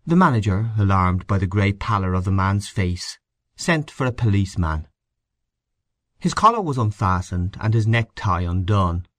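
Low-voiced man narrating a short story. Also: lively intonation, normal speed, no room sound. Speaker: audiobook narrator.

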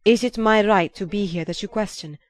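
A woman voicing an earnest, humble young Frenchman who speaks with quiet, pleading insistence. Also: medium pitch, a little fast, close to an everyday voice.

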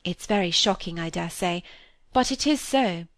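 A candid, restless young woman who mocks herself, as a woman reads her. She speaks in a lively, wry, confiding way from a classic novel. The recording is dry and close. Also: fairly low pitch, normal speed, dry recording. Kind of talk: reading a classic novel aloud.

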